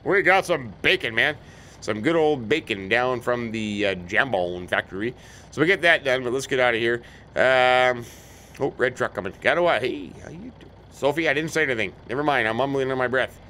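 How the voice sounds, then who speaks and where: A man's voice: mid-range voice, expressive, fairly quick, pushed and bright, slight background noise. Chatty American man narrating a farming game. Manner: chatty, joking, talks to imaginary companions. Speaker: let's play host. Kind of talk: casual game commentary with role-play banter. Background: faint game vehicle sounds.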